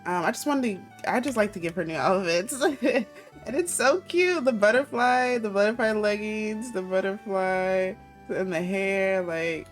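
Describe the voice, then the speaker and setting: A woman's voice: medium pitch, unhurried, soft background music. Chatty woman narrating a life-sim game. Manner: chatty, filler-heavy, giggly. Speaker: let's player. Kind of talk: casual gameplay commentary.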